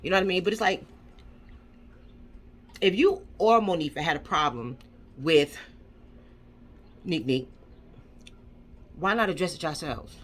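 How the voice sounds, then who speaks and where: A woman's voice: lowish voice, expressive, unhurried, long pauses. Woman, vlogger, angry rant, profane, repeats herself, rhetorical questions.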